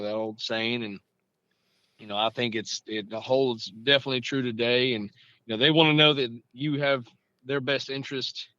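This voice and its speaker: Bright-voiced man, chatty storyteller. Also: mid-range voice, clean tone, no echo, muffled recording. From Georgia, US. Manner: relaxed, leans on "you know", gets animated telling stories. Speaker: high school head football coach, guest. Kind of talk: casual interview storytelling.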